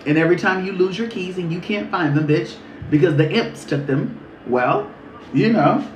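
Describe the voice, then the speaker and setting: A man doing a casual spiritual reading on a livestream, talking in a sassy, profane, animated way. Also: sits high, normal speed, background noise. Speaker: spiritual reader. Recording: echoey room.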